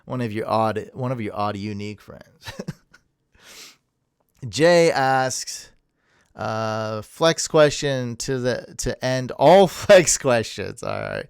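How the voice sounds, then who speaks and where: Casting: man, podcast host, energetic, rambling, smooth voice, dry close sound. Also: mid-range voice, slow pace, no echo. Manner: energetic, rambling, laughs at himself. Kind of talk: casual chat.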